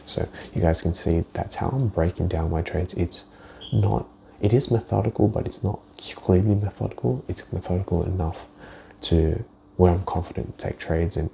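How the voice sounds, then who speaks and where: A forex trader with a deep, gravelly, mellow voice loosely talks through his market analysis in a casual screen-share walkthrough. He thinks aloud, swears occasionally, and restarts sentences, with faint background noise underneath.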